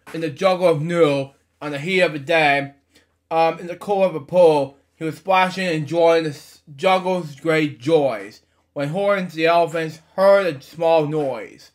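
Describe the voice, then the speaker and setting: A man's voice: on the high side, a bit bright. A man reading a picture book aloud, stumbling over words, correcting himself and chatting between pages. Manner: stumbling reader, frequent fillers and self-corrections. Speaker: storybook reader.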